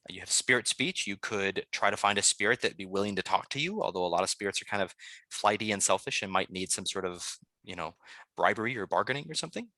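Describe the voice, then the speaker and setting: A man's voice: fairly low pitch, expressive, quick pace, sharp tone, no echo, studio quality. A man running a tabletop game as game master, talking in a loose, rambling way with many fillers.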